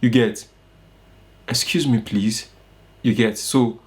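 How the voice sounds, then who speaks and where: A man's voice: mid-range voice, a little slow, a little mellow. A young man with a Nigerian accent teaching an informal online course, coaching his listeners and often checking "you get it?". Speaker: course instructor.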